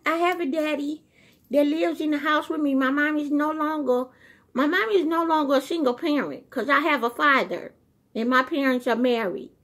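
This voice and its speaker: A woman's voice: high-pitched, normal speed, fairly bright tone, voice pushed up. A woman voicing her small pet dog, who proudly boasts about having a married mom and dad.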